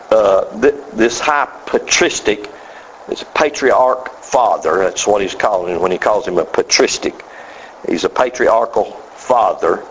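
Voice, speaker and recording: A man's voice: lowish voice, dull audio, slight background noise. A man with a North Georgia Southern accent, teaching by reading a text aloud and commenting on it, building up to emphatic rhetorical questions.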